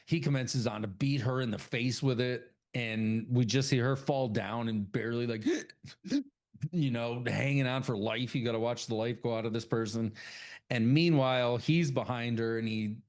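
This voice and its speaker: This horror podcast co-host speaks at a medium pitch and moderate pace, his voice a little mellow. He casually retells a movie's story, throwing in curses and performing lines from the characters.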